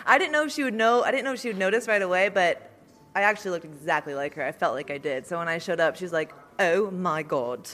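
A woman's voice: fairly low pitch, quick pace, a bit bright. A woman, a professional boxer, chatting in a laid-back, dryly joking way in an interview. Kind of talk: casual interview chat.

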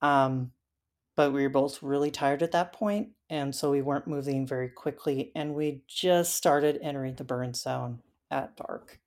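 A woman as an interview guest, telling her story in a halting way with frequent fillers. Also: very deep voice, steady tone, darkish tone. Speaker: interview guest recounting a hike.

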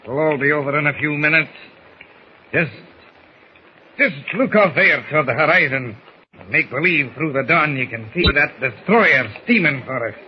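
An actor playing a stoic, fatherly older ship captain, gruff and steady, in 1940s radio acting. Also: a little high, normal speed, natural voice. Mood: solemn. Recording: dull old radio recording with faint hiss.

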